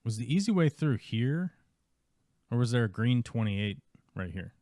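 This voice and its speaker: A man's voice: medium pitch, big pitch swings, normal speed, long pauses, darkish tone, no room sound. A male streamer giving casual, wry commentary while he plays a strategy game live.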